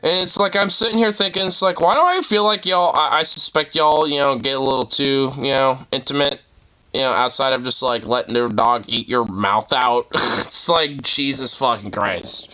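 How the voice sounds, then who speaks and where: A man's voice: medium pitch, normal speed, bright, forceful tone. A man in a casual reaction vlog, rambling and slangy, cursing freely. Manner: rambling, slangy, swears a lot.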